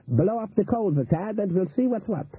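A man voicing a knowing older voodoo woman who speaks in a slow, rolling growl with folksy grammar, like a storybook reading. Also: high voice, lively intonation, slightly rough, no echo, pitched above the performer's own voice, heavily acted. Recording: tinny, phone-like, dry audio.

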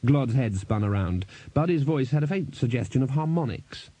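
A man reading a novel aloud as an audiobook narrator, in a steady storytelling manner. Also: mid-range voice, normal speed, breathy edge, no echo. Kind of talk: scripted narration.

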